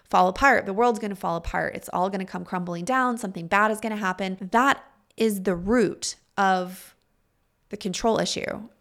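Earnest woman with vocal fry. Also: medium pitch, normal speed, a bit bright. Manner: earnest and confiding, asks listeners direct questions. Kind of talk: reflective spoken monologue.

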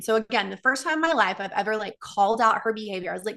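A woman's voice: medium pitch, very fast, creaky, hardly any pauses, fairly bright tone. A woman in her thirties candidly telling a personal story, animatedly acting out quoted dialogue.

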